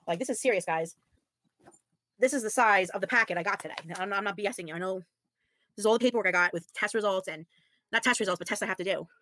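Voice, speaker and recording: A woman's voice: medium pitch, quick pace, fairly bright tone, no room sound. Tired, frank woman in her thirties. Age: 30s. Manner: frank, blunt, sighing, with mild swearing. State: tired, weary. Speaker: livestreamer. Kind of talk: casual livestream chat reading viewer comments.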